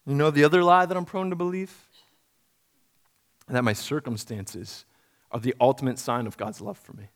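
Earnest guy preaching a sermon, fairly high voice, builds up loud then goes soft. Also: moderate pace, pauses often. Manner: earnest preaching, rising to emphatic repetition and dropping to soft quiet lines. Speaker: pastor.

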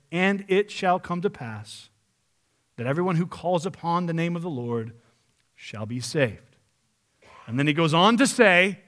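High-voiced man preaching with animated emphasis. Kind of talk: sermon.

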